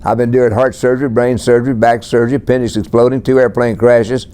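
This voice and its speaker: A man's voice: mid-range voice, flat delivery, fast, warm tone, smooth. A man, telling his career stories in a laid-back, plainspoken way during an interview. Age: 80s. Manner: laid-back, plainspoken, lists things matter-of-factly. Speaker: country singer being interviewed. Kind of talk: relaxed storytelling interview.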